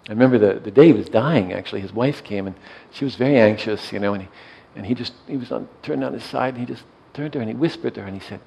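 A man speaking as a meditation teacher in a gentle, soft-spoken way, often letting his voice trail off quietly as he tells a reflective story. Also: medium pitch, fast, creaky, few pauses, slight background noise, poor audio.

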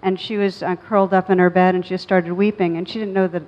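A woman's voice: fairly low pitch, little pitch movement. Thoughtful woman in a dull, reverberant recording. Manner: thoughtful, measured, slows on key words. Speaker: meditation teacher. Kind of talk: reflective storytelling talk. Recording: dull audio with long reverb.

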